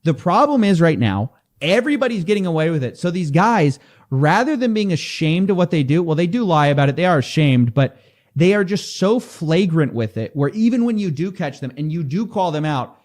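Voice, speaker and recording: Fairly high-pitched and fairly quick, a man comments to camera as an investigative internet personality. He sounds exasperated and animated, with a mocking edge that comes out in the voices he uses for quotes.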